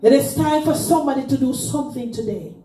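Speaking fast in a high, dark-toned voice, a woman pastor preaches a fervent Pentecostal sermon, chanting and crying out in rising sung phrases. Faint music sits behind her, and the church sound is roomy and distant.

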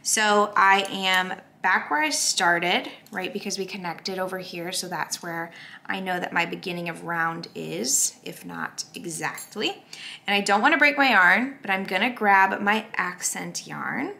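A woman walks through a crochet project step by step, chatty and upbeat, thinking aloud as she works. Her voice sits at a middling pitch with a noticeable gravelly fry. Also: measured pace, sharp tone. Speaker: crochet tutorial host. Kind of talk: step-by-step craft tutorial.

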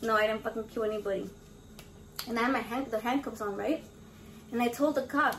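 A woman's voice: on the high side, fairly quick, pauses often, a bit bright, a little hiss or hum. A brash woman chatting in a casual cooking vlog from her home kitchen, swearing constantly and mixing in Spanish words. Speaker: home cook vlogger.

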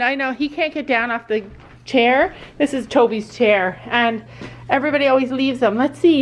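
A woman's voice: high-pitched, moderate pace. A middle-aged woman vlogging at home, chatting casually and cooing playfully at her pets. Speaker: family vlogger. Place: family home, indoors.

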